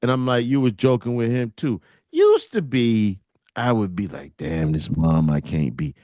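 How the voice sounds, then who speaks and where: A man's voice: fairly low pitch, normal speed, no echo, dull audio. A man in his forties, a podcast co-host, telling stories in casual profane banter and acting out quoted voices. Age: 40s. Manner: animated storyteller, acts out quotes.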